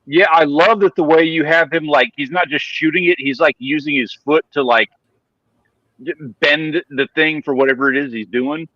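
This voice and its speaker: A man's voice: fairly high pitch, normal speed, bright, forceful tone, no room sound, highs cut off. A man in a casual stream chat, telling stories eagerly and swearing casually.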